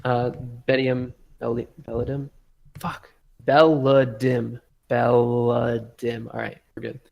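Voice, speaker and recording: A man's voice: mid-range voice, level tone, moderate pace, gravelly, poor audio. A man narrating as game master of a tabletop game, rambling and leaning heavily on filler words.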